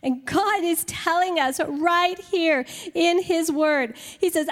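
Very high-voiced woman preaching slowly. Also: animated, fairly bright tone, in a large hall. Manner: slow, emphatic, with playful acted-out examples. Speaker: women's Bible teacher. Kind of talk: sermon.

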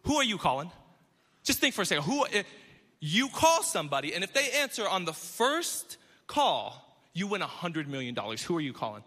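Animated pastor preaching in a big hall. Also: male voice, high-pitched, a little fast. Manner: animated storytelling, self-deprecating humor. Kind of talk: sermon. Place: church stage before a congregation.

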